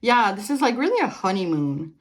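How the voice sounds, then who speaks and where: Woman, young adult, tarot reader, rambling delivery, fillers and restarts, mid-pitched voice. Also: very animated, fairly quick. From Canada. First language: French. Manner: meandering, many fillers and restarts, light laughs. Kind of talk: casual pick-a-card tarot reading.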